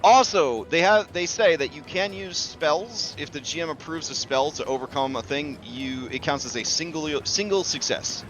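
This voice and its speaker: A man's voice: on the high side, moderate pace, few pauses, fairly bright tone. A man running a tabletop game as game master, talking loosely and chattily with many fillers and the odd curse.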